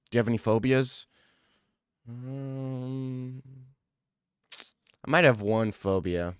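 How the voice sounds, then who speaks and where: A man's voice: medium pitch, smooth, dry recording, studio quality. A young man chatting casually on a livestream, rambling and joking with slang. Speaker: streamer.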